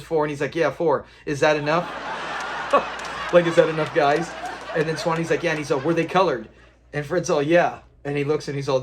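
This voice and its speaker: A man hosting a casual episode recap, laughing often and acting out the characters' lines as he retells scenes. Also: fairly high pitch. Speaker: show recap host.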